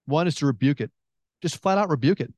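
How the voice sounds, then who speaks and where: A middle-aged man preaches with a slightly raised pitch, pressing his points hard. He repeats phrases for emphasis and swings between excited bursts and quiet, intense stretches. The sound is dry and close. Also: fast talker, dry recording. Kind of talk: sermon.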